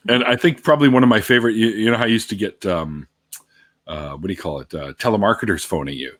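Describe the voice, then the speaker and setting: A man hosting a casual chat show, talking in a jokey, animated way and swearing freely. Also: fairly low pitch, fast. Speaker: podcast host.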